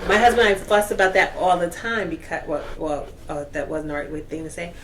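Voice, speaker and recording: A woman's voice: fairly low pitch, a little fast, slight background noise. A woman in casual Bible discussion, acting out quoted dialogue as she tells stories. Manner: animated storyteller acting out dialogue. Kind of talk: casual group Bible chat.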